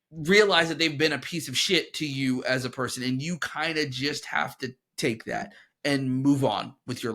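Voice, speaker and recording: A man talking casually on a podcast as a co-host. He rambles, swears freely, and gets animated. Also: fairly high pitch.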